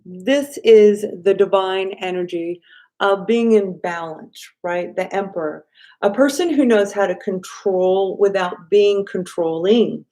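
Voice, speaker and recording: A woman hosting a live stream as an intuitive card reader, talking straight to her viewers in an animated way and often adding "right?". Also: mid-range voice, a little slow. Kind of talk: live-stream tarot reading.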